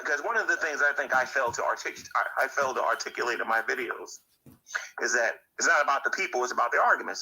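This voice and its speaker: A man's voice: mid-range voice, sharp tone, rough recording. A man speaking bluntly and insistently to camera in a monologue.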